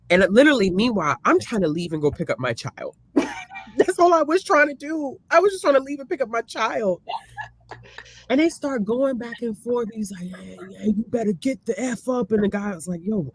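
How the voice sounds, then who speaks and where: A woman's voice: lowish voice, husky, dry recording. A woman, a library worker telling stories in a casual chat, laughing often. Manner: animated, laughing storyteller.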